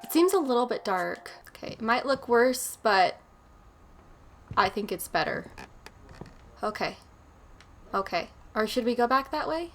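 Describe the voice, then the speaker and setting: A woman's voice: a little high, sing-song, unhurried, vocal fry, long pauses. A woman hosting a horror game let's play, chatty and nervous, talking to herself as she explores. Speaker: gaming channel host.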